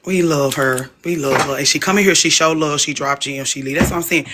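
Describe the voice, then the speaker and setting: A woman's voice: a little fast, noisy background. A woman hosts a casual livestream chat, speaking bluntly and animatedly. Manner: blunt and animated, jumps into higher voices for emphasis. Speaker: podcast host.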